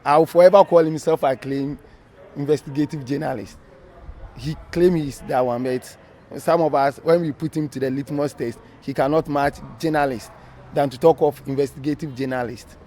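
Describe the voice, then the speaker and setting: A man's voice: fairly high pitch, steady tone, moderate pace, dark tone. A Ghanaian man, a former referee, being interviewed, telling his story animatedly in a casual mix of English and Twi.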